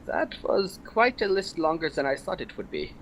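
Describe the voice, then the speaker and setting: A man's voice: a little high, wildly swooping pitch, moderate pace, fairly bright tone, a little hiss or hum, poor audio. A man playing a tabletop game, speaking politely and formally in character. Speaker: player.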